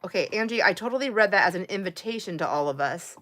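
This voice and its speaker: A woman's voice: mid-range voice, lively intonation, fast talker, a bit bright. A middle-aged woman hosting a casual live stream, chatty and laughing often as she talks with her viewers. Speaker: livestream host.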